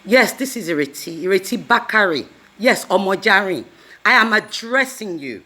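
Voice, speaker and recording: A woman's voice: mid-range voice, lively intonation, moderate pace, pushed and bright. A woman giving an indignant, emphatic address straight to the camera, repeating phrases for force. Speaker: activist. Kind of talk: impassioned video address.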